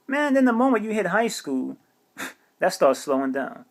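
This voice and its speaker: A man's voice: sits high, big pitch swings, measured pace, creaky. A man hosting his own video, ranting heatedly and swearing about society and politics, mocking what others say. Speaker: channel host. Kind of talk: spiritual rant to camera.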